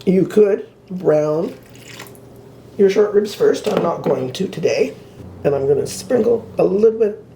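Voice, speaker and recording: A woman with a gravelly, mellow voice talks through a recipe in her home kitchen. Her pitch moves around a lot as she chats, and she is quick to poke fun at herself. Faint room sound stays behind her. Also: animated, slight background noise. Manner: chatty and self-deprecating, talks while cooking. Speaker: cooking show host. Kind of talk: casual cooking demonstration.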